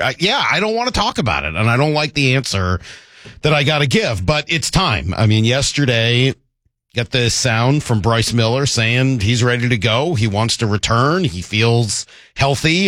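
A man's voice: medium pitch, a bit bright, no echo. A man hosting sports talk radio, arguing his opinion in an easygoing, rambling way. He keeps restarting sentences as he thinks. The studio sound is dry and close. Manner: conversational, self-deprecating, restarts often.

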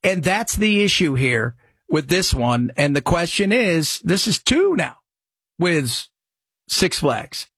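Rambling talk radio host, husky man. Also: on the high side, big pitch swings, slow pace, a bit bright, dry recording. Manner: rambling, conversational, jumps between topics. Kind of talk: casual radio talk and live reads.

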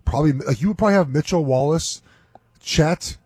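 A man co-hosting a sports betting podcast, rambling and animated, with many restarts. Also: fairly high pitch, brisk, husky, no room sound. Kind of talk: casual sports chat.

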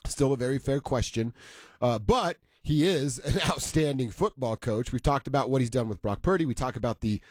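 A man's voice: mid-range voice, normal speed, no echo. A man hosting a sports talk show, chatting casually and laughing often.

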